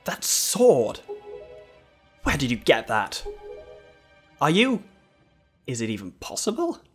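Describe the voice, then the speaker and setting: A man's voice: medium pitch, wildly swooping pitch, slow pace, a bit bright, slightly rough, soft background music, exaggerated voice. A man voicing a brash, bossy young female pirate captain who gives curt commands, in a game playthrough.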